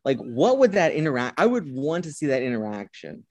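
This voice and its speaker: A man co-hosting a casual movie podcast, talking in an animated way and reading film lines aloud. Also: mid-range voice, brisk. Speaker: podcast co-host.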